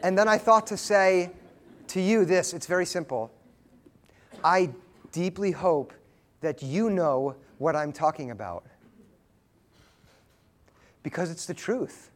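A man preaching a sermon as pastor, earnest and tender, slow when he tells a story. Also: high voice.

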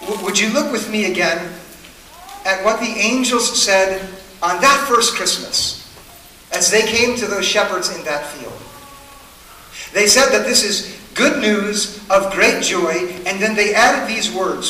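A man's voice: sits high, a little slow, bright, forceful tone, a little hiss or hum. A man preaching a sermon to a congregation, earnest and questioning, building his points through repetition. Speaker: pastor. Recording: echoey hall, mic at a distance.

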